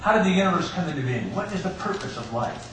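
This pastor's voice sits high and sounds fairly bright, moving at a quick, animated pace as he shares personal stories and jokes through his Easter sermon. He's in a church sanctuary, picked up by a distant mic in an echoey room with background hiss.

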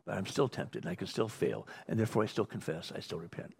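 A man's voice: low voice, animated, quick pace, vocal fry, breathy edge. A male pastor preaching a sermon in a conversational way, often restarting phrases and acting out little asides.

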